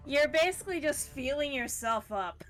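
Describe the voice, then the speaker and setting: A woman acting as game master in a tabletop game over voice chat, relaxed and often laughing. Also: high voice, normal speed, soft background music. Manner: relaxed, counts squares aloud, laughs often. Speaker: dungeon master.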